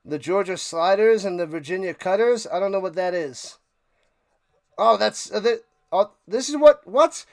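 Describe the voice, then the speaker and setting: A man hosting a sports live stream, chatting excitedly and a bit out of breath as he signs off to his viewers. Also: sits high, moderate pace, creaky. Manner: excited, rambling, talks to chat viewers. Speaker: sports livestream host. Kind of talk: casual live-stream sign-off chat.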